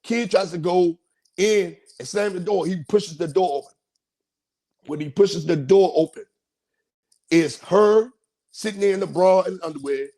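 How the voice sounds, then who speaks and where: A man's voice: sits high, measured pace, pauses often. A man hosting a podcast, telling a story in a casual, slangy way and acting out quotes. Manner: animated, slangy, acts out quotes in a raised voice. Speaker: podcast host.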